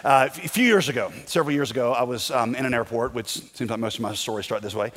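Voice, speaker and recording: A man's voice: mid-range voice, fast, fairly bright tone, big-room sound. A male pastor telling a personal story in a casual, self-deprecating sermon style.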